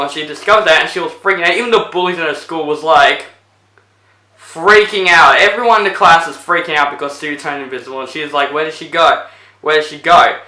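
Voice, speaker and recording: A man's voice: on the high side, pushed and bright, reverberant, rough recording. A man casually retelling a movie plot as a reviewer, rambling with lots of fillers. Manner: rambling, full of fillers like 'basically'.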